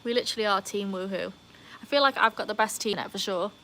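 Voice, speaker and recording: Her mid-range voice sounds pushed and bright, and she talks fast over slight background noise. She's hosting a casual livestream outdoors beside a home pool, reading viewer comments and breaking into squealing cheers.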